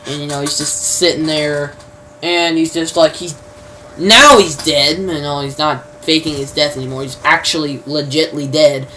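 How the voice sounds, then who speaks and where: Rambling low-voiced woman recapping a show. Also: fairly even intonation, normal speed, sharp tone. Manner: rambling, many fillers and restarts, mild slang. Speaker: TV episode reviewer. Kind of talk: casual spoken episode recap. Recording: distant mic, faint background noise.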